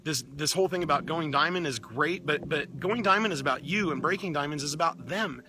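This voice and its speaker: A man giving an energetic, upbeat motivational talk to his team, often repeating words as he pushes ahead. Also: fairly high pitch, fairly quick.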